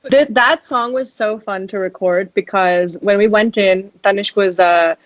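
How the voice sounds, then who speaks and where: A woman with an American accent, a singer being interviewed, who tells stories in a lively way and laughs often. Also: mid-range voice, unhurried, no echo, poor audio. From raised in the United States. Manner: laughs often, animated storytelling. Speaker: singer and guest. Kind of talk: casual interview chat.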